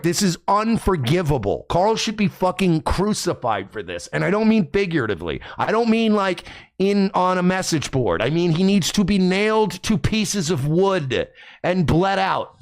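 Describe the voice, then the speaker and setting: A male streamer host giving profane, ranting livestream commentary full of contempt. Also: sits high.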